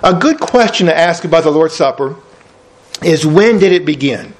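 A man's voice: a little high, lively intonation, moderate pace. A male pastor preaching a sermon, chatty and full of rhetorical questions. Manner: conversational, rhetorical questions, storytelling. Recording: roomy echo.

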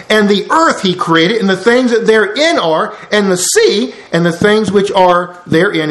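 A man's voice: sits high, low-quality recording. A man preaching a sermon, explaining Bible verses one by one with folksy asides. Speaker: preacher teaching a Bible study.

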